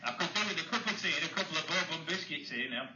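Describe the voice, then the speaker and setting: A man's voice: fairly high pitch, expressive, pushed and bright, echoey room, muffled recording, a little hiss or hum. A man with a Manchester accent, casually bantering as a radio show host in a chatty, jokey way. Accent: Mancunian. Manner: chatty, jokey, quick-talking.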